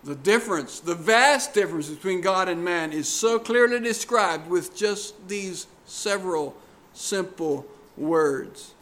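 A man preaching a sermon in a deliberate, earnest way, pressing hard on key words. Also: sits high, animated, fairly bright tone.

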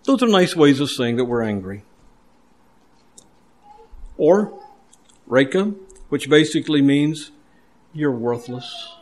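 A man preaches a sermon in an earnest, emphatic way, circling back over his words and restarting phrases as he builds a point. His voice sits a little higher than most men's. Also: sing-song, slow pace, long pauses, darkish tone. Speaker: pastor.

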